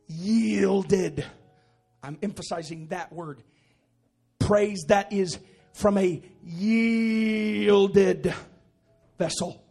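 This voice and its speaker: A pastor preaching a sermon in a church, moving from quiet teaching to loud, shouted exhortation. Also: male voice, high-pitched, unhurried, slightly rough, faint music behind. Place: church auditorium.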